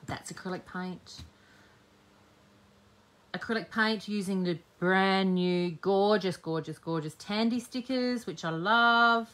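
Bright, chatty woman hosting a craft stream. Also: a little high. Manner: chatty, cheeky, talks while working. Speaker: scrapbooking host. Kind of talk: live-streamed crafting demo, chatting to viewers.

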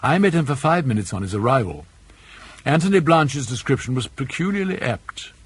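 A man reading a novel aloud as an audiobook narrator, with measured, elegant, theatrical phrasing and a husky voice. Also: medium pitch, sing-song, low-quality recording.

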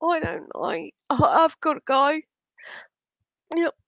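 A woman talks straight to her viewers in an agitated, shaken rant, swearing constantly and tripping over her own restarts. Her voice sits a little high and she drags her words out slowly. The sound is dry and close, with no room echo. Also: vocal fry, a bit bright, muffled recording. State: angry and shaken. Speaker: vlogger. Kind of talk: casual unscripted vlog rant.

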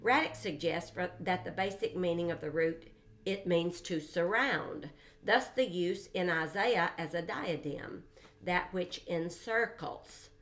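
A woman teaching a verse-by-verse Bible study in an emphatic way, repeating phrases for stress and breaking in with soft exclamations between readings. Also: lowish voice.

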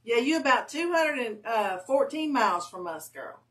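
Lady in her 50s, kinda high voice, sits back from the mic, chatty storyteller laughing at herself. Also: sing-song, moderate pace, fairly bright tone, far from the mic. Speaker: guest crafter on a livestream. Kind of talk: casual chat.

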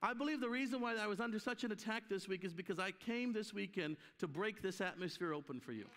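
Against a noisy background, a fast-talking man with a high-pitched voice preaches a storytelling sermon at a conference. The guest preacher is animated and acts out his characters' voices, captured by live stream sound in a reverberant church hall.

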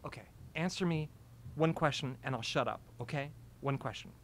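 Lady reading a book voicing a sharp young college girl, fed up, keeps asking pointed questions, faint room hum behind. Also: rumbling low, moderate pace. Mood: reproachful. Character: sharp-tongued young college woman, frustrated and hurt. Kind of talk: reading dialogue aloud.

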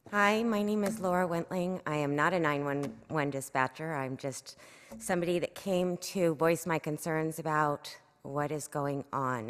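A middle-aged woman, giving an emotional, urgent public comment at a council meeting through a podium microphone. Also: deep voice. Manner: earnest, urgent, emotional pleading. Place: city council chamber. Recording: echoey council chamber.

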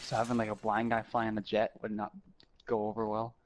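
A man's voice: on the low side, monotone, a little fast, slight background noise. A man from Canada chatting in a game voice call, rambling and making fun of himself. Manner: rambling, self-mocking. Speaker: gamer in a voice chat. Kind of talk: casual gaming banter.

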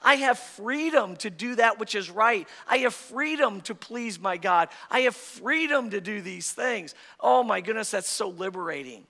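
A man's voice: high-pitched, animated, normal speed, few pauses, bright, forceful tone, in a large hall. A male pastor preaching a sermon with great passion, his voice rising and dropping, recorded in a church sanctuary.

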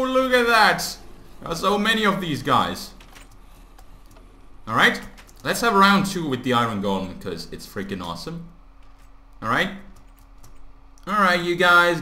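Casting: excitable male gamer, slow unhurried delivery, bright tone, lively pitch, echoey room. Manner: excitable, exclaims often, talks to game mobs. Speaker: gaming YouTuber. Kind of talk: casual Let's Play commentary. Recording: echoey room, faint background noise.

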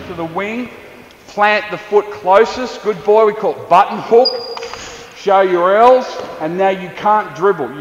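A male basketball coach with an Australian accent, running an on-court clinic with quick, encouraging instructions to players. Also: high voice, slight background noise. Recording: echoey gym, dull lo-fi sound. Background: balls bouncing, faint gym ambience.

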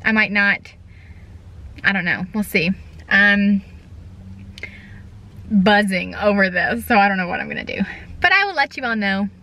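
A woman's voice: medium pitch, a little slow, long pauses, poor audio. Gushing young woman vlogging. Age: young adult. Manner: excitable, gushing, says "like" a lot. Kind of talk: casual vlog chat. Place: in and around a car, partly outdoors in wind.

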